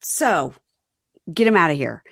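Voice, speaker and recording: Lively low-voiced woman recapping TV. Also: measured pace, creaky, no room sound, clean studio sound. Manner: animated, lots of acted quotes. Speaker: podcast host. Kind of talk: casual chat recapping reality TV.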